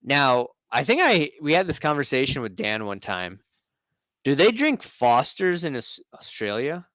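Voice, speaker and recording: A man's voice: mid-range voice, sing-song, a little slow, fairly bright tone, no echo. A man hosting a casual live stream, chatting and reading out viewer comments in a rambling way.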